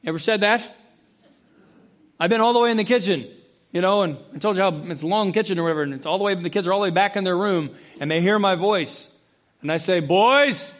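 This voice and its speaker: A man with a high, light voice preaches a sermon into a close microphone. He throws questions at his listeners and acts out voices. His delivery swings from loud, high emphasis down to low, quiet intensity. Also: fast talker. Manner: acts out quoted voices and asks the congregation questions. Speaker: pastor. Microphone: handheld or stand mic, close.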